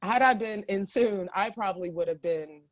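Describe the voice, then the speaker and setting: A woman's voice: medium pitch, moderate pace, a crowd in the background. A woman from Ohio, a chef, talking animatedly as a podcast guest, often restarting her sentences. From Ohio, USA. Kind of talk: casual interview chat.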